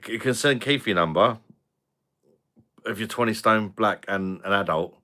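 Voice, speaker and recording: A man's voice: fairly low pitch, moderate pace, bright, forceful tone. A man hosting a live stream, chatting casually with viewers and trading crude jokes with a lot of laughter. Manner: crude joking banter, laughs often.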